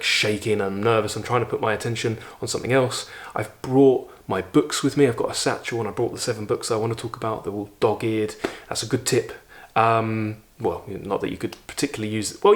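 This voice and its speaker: A man, vividly retelling a personal story in a casual video, with frequent fillers. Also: lowish voice. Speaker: YouTube host. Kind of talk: storytelling vlog.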